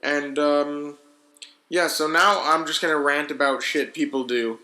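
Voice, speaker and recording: A young man with a slightly high voice hosts his own podcast in a loose, rambling rant. He talks with lots of slang and keeps restarting his sentences, full of energy. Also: steady tone, unhurried, pushed and bright. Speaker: podcast host. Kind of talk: casual solo podcast rant.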